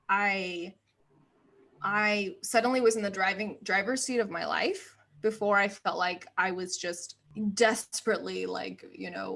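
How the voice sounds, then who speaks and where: A woman's voice: medium pitch, creaky. A woman in her thirties from the United States, chatting as a podcast guest and acting out quotes as she tells stories. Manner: animated storyteller, acts out quotes. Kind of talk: casual interview chat.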